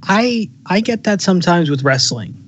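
A man chatting casually on a podcast, wry and quick to swear while telling stories. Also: sits high, lively intonation, husky, muffled recording. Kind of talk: casual chat.

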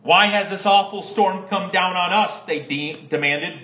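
A man preaching a sermon and reading scripture aloud, with dramatic swings between loud, raised lines and low, hushed ones. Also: normal speed, few pauses, reverberant, highs cut off. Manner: dramatic, varies pitch and loudness, drops low and quiet for emphasis. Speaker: pastor.

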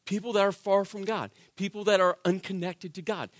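A man preaching a sermon in church, conversational and animated, often asking the congregation "right?" and swinging from shouted emphasis to soft, intimate delivery. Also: high voice, fairly quick, no echo, clean studio sound. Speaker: pastor.

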